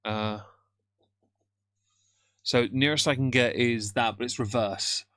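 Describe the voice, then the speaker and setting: Chatty, bright-voiced male streamer. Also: medium pitch, slow, smooth, no echo, studio quality. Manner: rambling, chatty, greets chat, stammers at times. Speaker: live streamer. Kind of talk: casual live-stream commentary.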